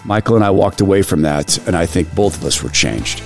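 Lively male radio host telling a story. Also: low voice, brisk, creaky, soft background music. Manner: animated retelling with repeated restarts. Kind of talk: storytelling monologue.

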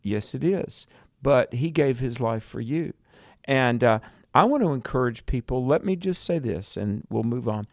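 Male radio Bible teacher, mid-pitched, earnest and exhorting, dry close studio sound. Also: expressive, a little mellow, dry recording. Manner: earnest, exhorting, slows for emphasis.

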